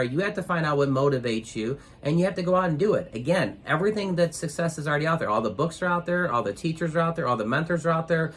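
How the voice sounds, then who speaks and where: Rambling man telling a success story. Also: a little high. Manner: rambling, many ums, grows animated when retelling. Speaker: interview guest. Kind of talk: storytelling advice.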